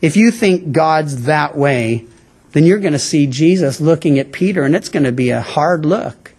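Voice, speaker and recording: A man's voice: a little high, lively intonation, normal speed, darkish tone, breathy edge. A middle-aged male pastor preaching a sermon in a conversational, emphatic way, often restarting his words.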